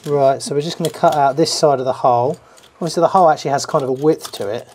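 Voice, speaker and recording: A man's voice: on the high side, fast, a little mellow, a little hiss or hum. A man, a plumber giving a casual on-the-job tutorial indoors with joking asides. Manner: chatty, joking asides to camera. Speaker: plumber presenting a how-to. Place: customer's bathroom, indoors. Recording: music playing under the voice.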